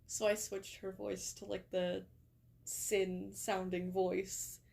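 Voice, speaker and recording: A woman's voice: medium pitch, level tone, takes it slowly, creaky, a little mellow. A young woman from England chatting casually on a live stream, rambling, reading her chat aloud, and swearing and laughing easily.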